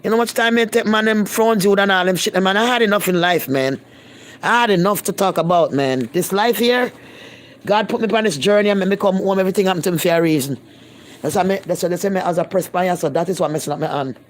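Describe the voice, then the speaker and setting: A Jamaican woman vlogger talks fast in a medium-pitched voice, speaking patois to viewers during a casual live-stream chat. She's blunt and repeats herself for emphasis.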